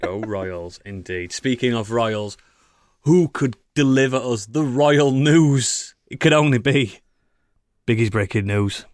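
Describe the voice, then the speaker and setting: A man's voice: mid-range voice, slow pace, no room sound, clean studio sound. A man hosting a casual podcast chat, teasing his co-hosts as he introduces them. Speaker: podcast host.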